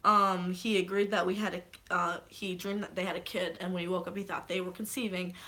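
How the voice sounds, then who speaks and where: A young woman vlogging in casual chat, excitable and rambling, with frequent swearing. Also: lowish voice, brisk.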